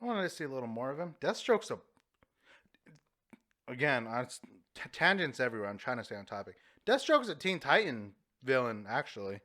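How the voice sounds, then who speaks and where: A man's voice: medium pitch, big pitch swings, brisk, sharp tone. A man co-hosting a casual podcast chat, rambling and laughing often. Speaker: podcast co-host.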